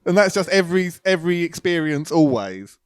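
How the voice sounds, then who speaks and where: Man in his forties, fairly high pitched, smooth and resonant voice, dry close sound, frank and animated, joking as a guest. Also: no echo. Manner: frank, animated, quick to joke. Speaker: guest musician. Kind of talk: casual interview chat. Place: home, remote call.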